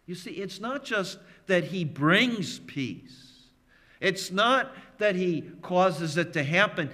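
A man preaching a sermon as pastor, emphatic and measured, leaning on repeated phrases. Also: high voice, pushed and bright. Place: church sanctuary. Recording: long reverb of a church hall.

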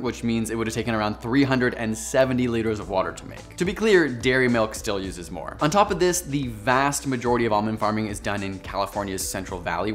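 A man hosting a scripted science explainer video, delivering facts with playful, jokey asides. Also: medium pitch.

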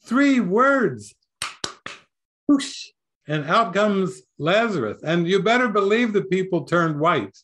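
A man's voice: high voice, animated, slow, long pauses, fairly bright tone. An older man teaching a spiritual talk, storytelling playfully and laughing often. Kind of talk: sermon.

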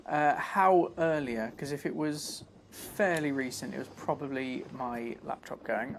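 A man's voice: mid-range voice, unhurried, few pauses, background noise. A man giving chatty, self-mocking live commentary while he plays a video game and talks to his viewers. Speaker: streamer playing a game. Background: game music.

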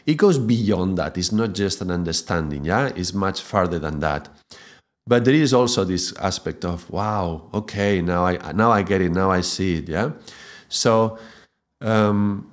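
Male yoga teacher, unhurried and soft-spoken, low pitch, keeps asking "yeah?". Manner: gentle, unhurried, often asks "yeah?". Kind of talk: spiritual teaching talk.

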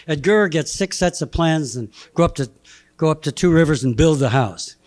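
Brief: old man as a brisk, commanding elderly architect giving orders. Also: fairly high pitch, expressive, darkish tone, natural voice.

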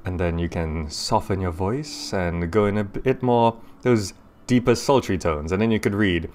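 A man casually commenting as he plays a city-building game, chatty and quick to laugh, recorded on a desk microphone at home. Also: deep voice, a little mellow. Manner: chatty, laughs often, talks through his thoughts aloud. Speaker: gaming YouTuber. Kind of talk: casual let's-play commentary.

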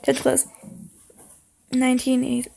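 High, gravelly young woman gaming. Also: monotone, measured pace. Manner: talks to the game, sings along, yells when scared. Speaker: gaming channel host. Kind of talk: horror game let's play commentary.

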